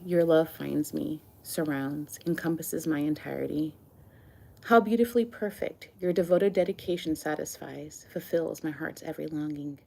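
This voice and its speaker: A woman reading her own love poems aloud in a soft, earnest, slow and tender way. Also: sits low, creaky.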